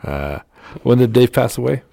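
A man's voice: medium pitch, big pitch swings, normal speed, vocal fry, mellow, no echo, studio quality. A man hosting a podcast, chatting in an easygoing way with his guest. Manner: easygoing, wraps up the show. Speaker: podcast host. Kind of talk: casual chat.

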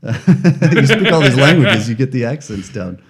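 A man's voice: medium pitch, big pitch swings, a little slow, husky. A man interviewing a guest in a casual, chatty way, asking rambling questions.

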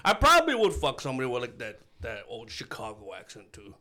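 A man's voice: mid-range voice, wildly swooping pitch, fast, sharp tone. A man co-hosting a comedy podcast, telling stories with laughs and plenty of swearing. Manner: laughing, profane storytelling. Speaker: podcast co-host. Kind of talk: crude casual banter.

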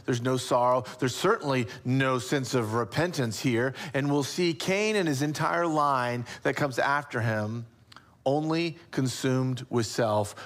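A man preaching a sermon as pastor, impassioned, dropping soft for emphasis. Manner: impassioned, rising pitch on acted quotes, drops to soft near-whisper.

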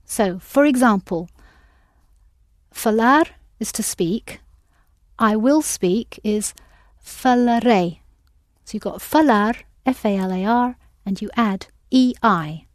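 A woman's voice: a little high, slow pace, no echo, studio quality. A woman teaching an audio language lesson, patiently prompting and correcting her students.

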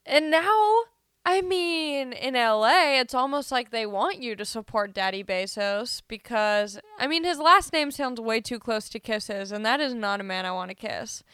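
Woman, podcast host, has a cold, rambling, self-mocking, smooth voice, dry sound. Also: a little high, a bit bright, dry recording. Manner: rambling, self-deprecating, joking. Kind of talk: casual solo podcast chat.

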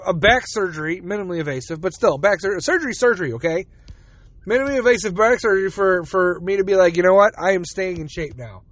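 Here a man who is a parent hosts his podcast alone, chatting loosely with frequent profanity and jokes at his own expense. He has a high, slightly bright voice, and there's no room sound.

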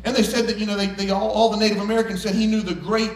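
A pastor with a very high voice preaches to his congregation in the church sanctuary, emphatic and folksy, full of jokes and homespun tales. His delivery is flat and very fast. The room echoes heavily, and he sounds far from the mic.

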